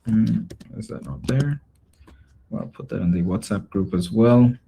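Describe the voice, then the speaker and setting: A man teaching a live online class, explaining a demo casually with frequent pauses and filler words. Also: fairly low pitch, creaky, mellow, breathy edge. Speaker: workshop instructor.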